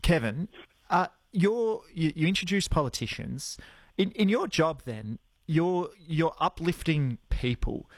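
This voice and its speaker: A man's voice: on the high side, lively intonation, a little slow, dry recording. A man hosting a radio interview, asking friendly, enthusiastic questions. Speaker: radio host.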